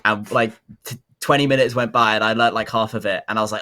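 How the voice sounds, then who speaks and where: Brief: young New man, podcast co-host, bright, forceful tone, slightly low voice, chatty. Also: fairly even intonation, fast, a little hiss or hum. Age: young adult. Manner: chatty, upbeat, filler-heavy. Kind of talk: casual podcast chat.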